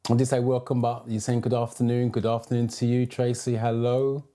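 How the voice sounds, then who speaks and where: This British driving theory instructor has a mid-range, dark-toned voice with a level delivery and talks a little fast. On his live stream he greets people by name, reads their comments, and hands out advice.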